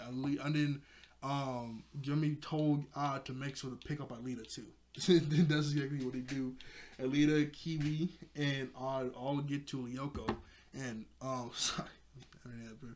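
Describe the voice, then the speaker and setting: A man's voice: mid-range voice, a little hiss or hum. A man casually recapping a cartoon episode, chatty and loose, laughing often and filling his talk with "like.". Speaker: show reviewer.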